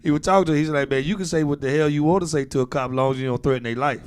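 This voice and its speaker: A man's voice: fairly high pitch, fairly even intonation, rapid-fire, clear, resonant tone. A young man co-hosting a podcast in casual chat, telling a story with laughs and acting out both sides of a traffic stop. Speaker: podcast co-host.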